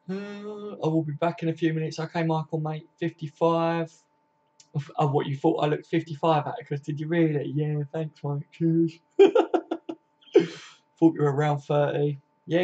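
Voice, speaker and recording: This is a man in his late twenties from Kent with a voice pitched a little high, chatting on a live stream. He is laid-back and matey, and he answers his viewers by name with plenty of casual swearing. The recording is dull and lo-fi. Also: a little mellow. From Kent, England. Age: 20s. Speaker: football fan live streamer.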